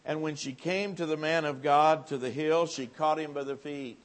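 A man preaching a folksy revival sermon in a church, swinging from quiet asides to loud, lifted appeals. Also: fairly high pitch, fairly even intonation, moderate pace.

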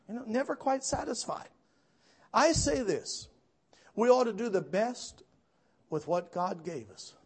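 A man preaching a sermon, telling folksy stories with asides to the congregation and building to loud, emphatic peaks. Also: high-pitched. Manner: storytelling, swells to shouts at climaxes.

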